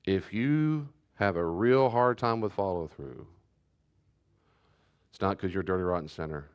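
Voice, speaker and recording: A man's voice: deep voice, a little slow, clear, resonant tone, muffled recording. A middle-aged man, a pastor, teaching a church class in a conversational way, repeating his key points and restarting sentences as he goes.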